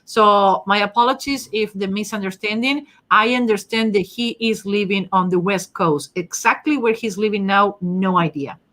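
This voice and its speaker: A woman's voice: medium pitch, normal speed, few pauses, fairly bright tone. A woman with a strong non-native accent, hosting a casual live stream and chatting through viewer comments. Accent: non-native English. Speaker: host and face-reading teacher.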